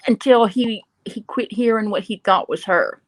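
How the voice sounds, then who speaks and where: A woman's voice: medium pitch, moderate pace, dry recording. Woman telling chatty family stories. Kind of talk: casual storytelling.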